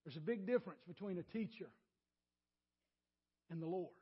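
Preaching a sermon to his congregation, a male pastor speaks in a strikingly high, raspy voice at a normal speed, repeating himself as he builds toward a point. He calls listeners by name, swinging between near-whispered asides and loud, emphatic lines. The audio is muffled and lo-fi.

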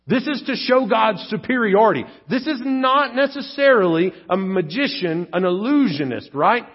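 A man's voice: high-pitched, animated, moderate pace. A man preaching a sermon as pastor, conversational, with frequent "all right?" and "right?" asides. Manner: conversational, rhetorical tag questions. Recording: dull lo-fi church audio.

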